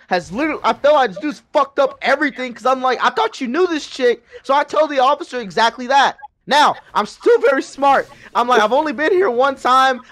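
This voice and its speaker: Young guy in his twenties, very high voice, animated storyteller who swears and laughs a lot over a headset. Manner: animated, laughs often, swears freely, acts out quotes. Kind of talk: casual storytelling over game voice chat.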